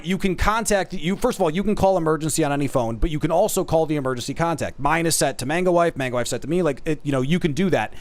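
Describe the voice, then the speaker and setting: High-voiced male streamer, animated storyteller, dry close sound. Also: dry recording. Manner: talks straight to the audience as folks. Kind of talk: casual storytelling.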